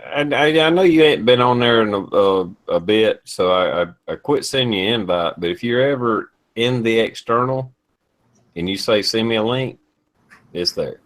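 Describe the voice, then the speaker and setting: A man's voice: fairly low pitch, animated, moderate pace, a bit bright. A man co-hosting an online live chat, speaking in a friendly, informal way and stumbling over some words. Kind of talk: casual group chat.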